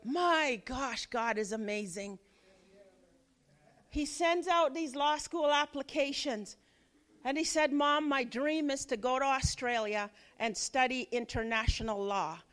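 Dramatic woman preacher, bright voice. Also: fairly high pitch, a little slow. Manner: dramatic swings from loud exclaiming to hushed, near-whispered lines. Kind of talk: sermon with personal story.

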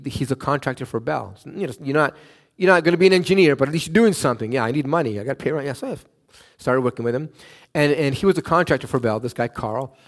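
Animated male preacher telling stories. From Canada. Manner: animated, acts out quotes with raised pitch, frequent "right?". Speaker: pastor. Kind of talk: sermon with storytelling.

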